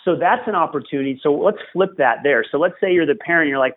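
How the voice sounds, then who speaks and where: A man's voice: fairly high pitch, quick pace, few pauses, breathy edge. A man hosting a podcast conversation, talking like a coach and driving his points home by repeating them. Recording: tinny phone-like line.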